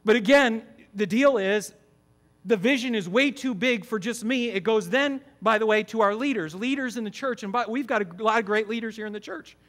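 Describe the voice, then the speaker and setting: A middle-aged man preaches a sermon with a high-pitched voice. He is emphatic and keeps asking his listeners questions as he goes. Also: normal speed, a bit bright. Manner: emphatic, asks the congregation questions. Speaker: campus pastor.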